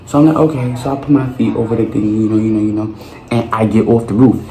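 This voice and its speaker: Animated young New man telling stories. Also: lowish voice, fast talker. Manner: animated, profane storytelling with lots of slang. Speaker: vlogger. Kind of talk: storytime monologue. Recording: roomy with faint noise.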